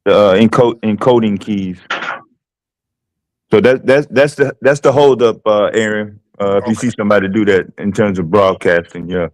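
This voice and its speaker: A man's voice: lowish voice, moderate pace, no room sound, poor audio. A man on a casual livestream panel, laid-back and explanatory, often trailing off with fillers.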